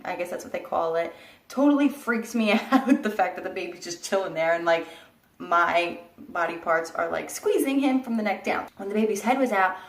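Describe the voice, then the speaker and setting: Young woman blunt and animated, swears a bit, kinda far from the mic in an echoey room. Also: medium pitch. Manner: animated, blunt, swears casually, acts out quotes. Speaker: vlogger. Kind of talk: casual storytelling to camera.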